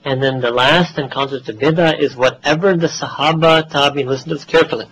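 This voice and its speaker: A man's voice: mid-range voice, fast, hardly any pauses, fairly bright tone, slight background noise, low-quality recording. A man with an American accent giving a religious lecture to a gathering, conversational, slipping into Urdu phrases and laughing at his own asides. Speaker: Islamic teacher.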